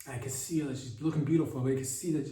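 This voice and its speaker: A man's voice: mid-range voice, fairly even intonation, racing, mellow, roomy sound, recorded from a distance, rough recording. A young man hosting a comedy podcast, riffing in a rambling, profane monologue full of mock outrage. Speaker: podcast host.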